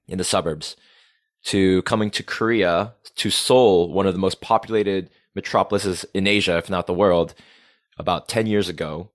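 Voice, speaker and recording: A man from Rhode Island, talking as a guest on a casual podcast. His voice sits very low, and the sound is dry and close with almost no room echo. He rambles happily, pokes fun at himself and often restarts a sentence midway. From Rhode Island, USA. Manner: playful, self-mocking, rambling with restarts.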